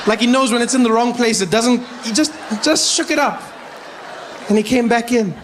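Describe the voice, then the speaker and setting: A young man with a South African accent doing stand-up comedy, animated and incredulous. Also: very high voice, moderate pace, slight background noise.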